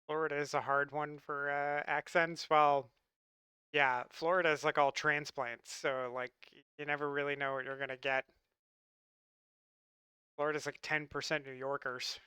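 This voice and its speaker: A man's voice: fairly high pitch, flat delivery, normal speed, pushed and bright, clear, resonant tone, no echo. A man from Long Island chatting casually with his stream chat in a wry, talkative way. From Long Island, New York.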